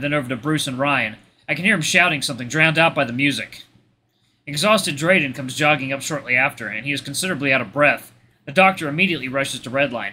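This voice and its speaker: A man reading a visual novel aloud in expressive first-person narration, stumbling now and then. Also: mid-range voice, a little hiss or hum. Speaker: let's play host.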